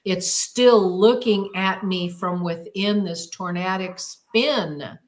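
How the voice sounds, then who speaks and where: A woman's voice: medium pitch, slow. Emphatic woman telling a vivid story. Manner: vivid, emphatic retelling with repeated phrases. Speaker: podcast guest. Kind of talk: dramatic personal storytelling.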